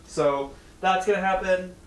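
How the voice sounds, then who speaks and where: A man's voice: high-pitched, unhurried. A young man vlogging casually in a rambling, anxious way, with lots of fillers. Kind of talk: casual vlog.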